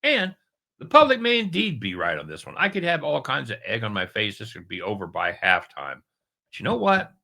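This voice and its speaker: Give me a jokey man previewing his sports bets in a casual chat, a bright forceful voice. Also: fairly low pitch, huge pitch swings, brisk, vocal fry. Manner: chatty, jokey, talks straight to viewers. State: talking with a caramel in his mouth. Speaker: sports betting handicapper.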